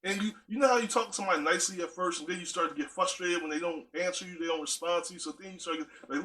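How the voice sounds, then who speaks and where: A man's voice: high voice, fast, few pauses, sharp tone. A man giving a motivational talk in an emphatic, conversational way, repeating phrases for effect. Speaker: motivational speaker.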